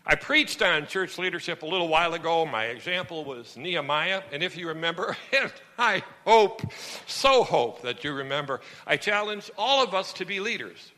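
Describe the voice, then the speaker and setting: A male pastor preaches a sermon with an animated storytelling delivery. His voice sits high and sounds bright, with lively swings in pitch. Long reverb fills the hall around him. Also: normal speed, few pauses.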